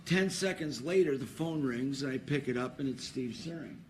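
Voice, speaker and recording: A man's voice: mid-range voice, moderate pace, a little hiss or hum. A man announcing a trivia contest, who tells a story at an awards ceremony before a live audience. He rambles, laughs and restarts his sentences.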